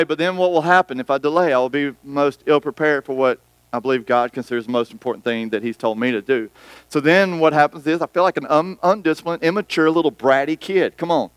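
A man's voice: mid-range voice, brisk, clear, resonant tone, no echo. A man preaching a sermon in a conversational way, acting out the voices of other people. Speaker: pastor.

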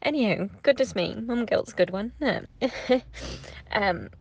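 A woman's voice: mid-range voice, animated, unhurried, gravelly, a little mellow, slightly rough, no room sound, lo-fi sound. A woman in her thirties, a podcast co-host, talking in a rambling, reflective way with lots of "like" fillers. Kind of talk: casual heartfelt chat.

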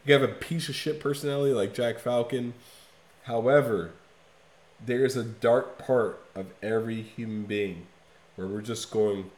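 A man in casual podcast chat, talking emphatically and with a lot of swearing, swinging from loud bursts to low, quiet stretches. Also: fairly even intonation, moderate pace, echoey room. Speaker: podcast co-host. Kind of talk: casual chat reviewing an album.

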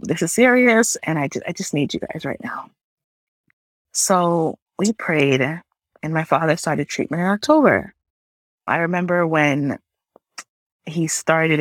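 A woman's voice: deep voice, dry recording. A young woman hosting a podcast, telling a personal faith testimony in an earnest, emotional, conversational way. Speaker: podcast host. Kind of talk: personal testimony, casual storytelling.

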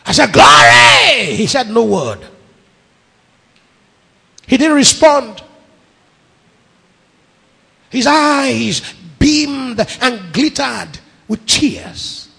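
A man's voice: extremely high pitch, sing-song, drawn-out words, creaky, pauses often, a bit bright, breathy edge. A middle-aged man with a Nigerian accent preaching a sermon, emphatic, piling up repeated phrases. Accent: Nigerian English. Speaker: pastor. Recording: long echo of a large hall.

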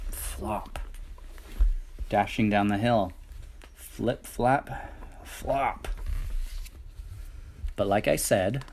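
A man's voice: lowish voice, slight background noise. A man reading picture books aloud with a rhythmic, playful delivery. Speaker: storybook reader.

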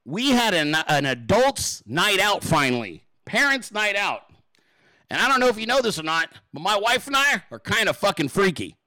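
Male host, high lively voice, bright, profane storytelling, dry sound. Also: moderate pace, dry recording, rough recording. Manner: animated, crude, keeps asking "okay?". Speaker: podcast host.

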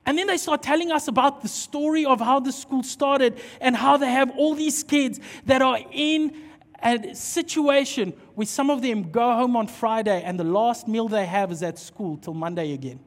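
A man preaching a sermon and telling a story, acting out dialogue in an animated way. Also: very high voice, normal speed. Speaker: pastor. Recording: long hall reverb.

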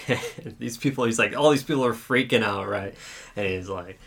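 Gravelly low-voiced man chatting. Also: fairly bright tone. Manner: halting, searches aloud for names. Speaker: regular podcast guest. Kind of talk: casual chat.

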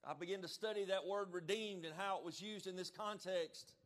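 A male pastor preaching a sermon, emphatic, checking in with the congregation and shouting out now and then. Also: high voice, fairly even intonation, a little fast. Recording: long reverb of a church hall.

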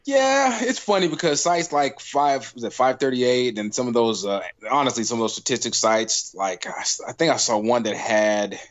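Rambling animated sports talker, muffled. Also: male voice, medium pitch, moderate pace, hardly any pauses. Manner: rambling, animated, spins long analogies. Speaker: podcast co-host. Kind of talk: casual sports chat. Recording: dull lo-fi sound.

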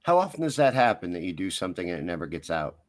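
Low-voiced male host with lively swings. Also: rapid-fire. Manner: brief interjections and questions. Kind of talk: interview host reactions.

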